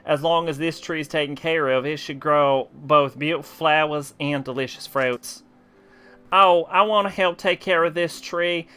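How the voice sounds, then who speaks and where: Man doing a fake Southern villager voice: bright, crisp, goofy drawl. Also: a little high, moderate pace. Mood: hammy drawl. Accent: exaggerated fake Southern US drawl. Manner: hammy read-aloud of game dialogue. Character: game villagers, rustic grateful folk.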